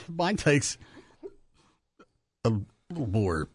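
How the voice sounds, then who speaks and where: Joking radio host, lively voice. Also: male voice, medium pitch, drawn-out words, husky. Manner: joking, rambling, fumbling with studio gear. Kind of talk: casual on-air banter.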